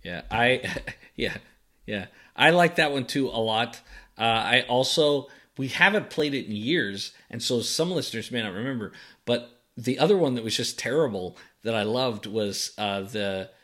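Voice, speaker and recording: A man's voice: mid-range voice, expressive, moderate pace, fairly bright tone. A man co-hosting a podcast in casual chat, laid-back, reading listener messages aloud. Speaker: podcast co-host.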